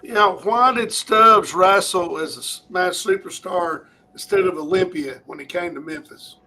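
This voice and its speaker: A man's voice: high-pitched, unhurried, bright, forceful tone. A man on a podcast panel, curious and asking questions. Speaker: podcast co-host. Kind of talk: casual podcast talk.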